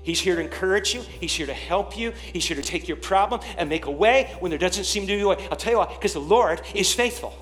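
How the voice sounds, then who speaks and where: A man preaching a sermon as pastor, leading the congregation in call-and-response and building to shouted declarations. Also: high-pitched, animated, fast talker, few pauses, faint music behind.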